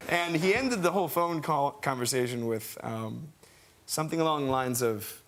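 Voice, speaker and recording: A young man telling an excitable anecdote on a talk show, laughing and stammering as he acts out the voices. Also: mid-range voice, normal speed. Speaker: actor telling a story. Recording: noisy archive clip.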